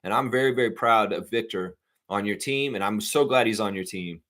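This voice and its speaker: A man hosting a live sports fan stream, chatting casually, rambling and reading viewer comments aloud. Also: a little fast. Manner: gets loud and high-pitched when worked up. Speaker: sports fan livestream host. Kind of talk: casual live chat reacting to news.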